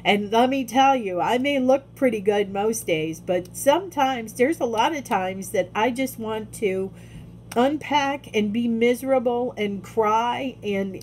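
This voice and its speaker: A woman speaking candidly in a personal video diary, halting often and restarting her sentences. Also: on the high side, darkish tone, slight background noise. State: tearful. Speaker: vlogger.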